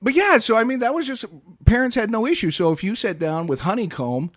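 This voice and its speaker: A man's voice: sits high, expressive, a little fast, dry recording, clean studio sound. A middle-aged man co-hosting a casual chat show, telling rambling stories and acting out bits of dialogue. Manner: rambling storyteller, acts out voices. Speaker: podcast co-host.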